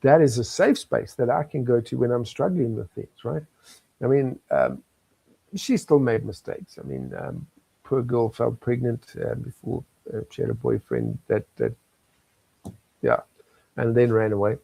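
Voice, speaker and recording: Older South African man, gravelly and dry, earnest guest who chuckles through his stories. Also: medium pitch, very animated, a little slow, warm tone, no echo, poor audio. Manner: earnest, storytelling, chuckles often. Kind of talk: candid interview talk.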